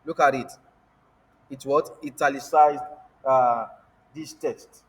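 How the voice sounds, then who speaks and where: In a large hall, a medium-pitched man speaks slowly in a steady tone while giving a screen-share coding lesson. The African instructor is repetitive, often quizzing his class with rhetorical "what?" prompts and restating key words, and the recording is rough.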